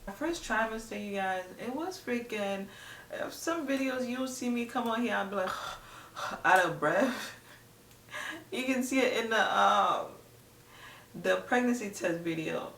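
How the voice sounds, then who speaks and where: A woman's voice: a little high, animated, normal speed, fairly bright tone, recorded from a distance, a little hiss or hum. A young adult woman chatting casually to camera as a vlogger, rambling with lots of "like". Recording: echoey room, voice a bit off-mic.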